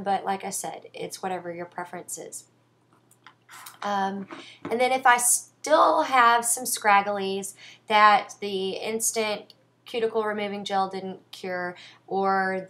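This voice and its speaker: A young woman talks casually about her nail care products. She is chatty and enthusiastic and often says "um". Her pitch sits in an average range. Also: takes it slowly, a bit bright. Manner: chatty and enthusiastic, frequent "um" fillers. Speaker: beauty vlogger.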